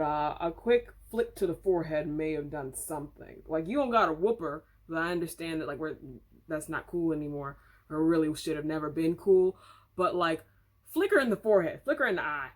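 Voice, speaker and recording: Chatty opinionated woman vlogger. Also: sits low. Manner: chatty, candid, opinionated, rambling. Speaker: storytime vlogger. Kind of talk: casual storytime commentary. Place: home room.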